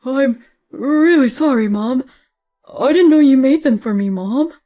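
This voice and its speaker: A woman voicing a stubborn, defensive young husband who speaks slowly and sulkily. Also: sits high, lively intonation, mellow, faint music behind. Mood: sheepish.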